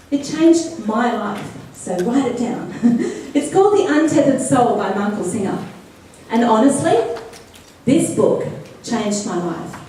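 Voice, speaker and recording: A woman's voice: high voice, dark tone, a little hiss or hum. An Australian woman giving a chatty, playful talk to a young audience and often asking them questions. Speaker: motivational speaker. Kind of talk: speech to a youth audience. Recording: echoey hall, voice from far off.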